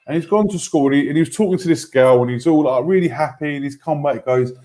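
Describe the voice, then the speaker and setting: A man, telling a story in a casual discussion, growing animated and heated. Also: on the high side, fast, hardly any pauses. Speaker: panel guest.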